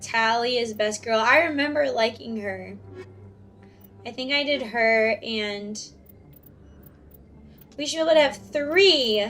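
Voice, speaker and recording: A young woman streamer chatting and giggling her way through a video game, with a self-mocking, casual manner. Her voice sits fairly high, and soft game music runs underneath. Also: slow, long pauses. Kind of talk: casual gameplay commentary.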